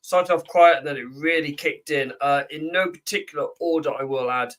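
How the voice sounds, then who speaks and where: A man's voice: a little high, moderate pace, fairly bright tone, distant mic, low-quality recording. UK male co-host, chatty news read, many fillers, sits back from mic. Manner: chatty, with frequent ums and uhs while reading. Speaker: podcast co-host reading the trade news. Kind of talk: casual chat.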